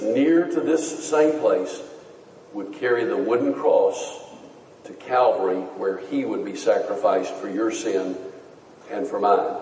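A man preaching a sermon, teaching in a measured and earnest way. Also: lowish voice, a little mellow, a little hiss or hum. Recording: echoey hall, voice from far off.

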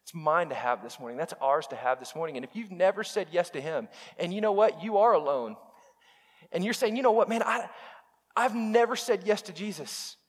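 High-voiced impassioned preacher, reverberant hall. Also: male voice, brisk. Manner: impassioned, repetitive, direct address to congregation. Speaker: pastor. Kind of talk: sermon. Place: church sanctuary.

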